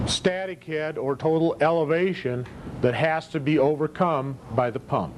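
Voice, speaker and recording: A man gives a classroom lecture in a plain, explanatory way, pausing now and then to check that his listeners follow. His voice sits a little high for a man, and there is a steady, clearly audible noise behind him. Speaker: instructor.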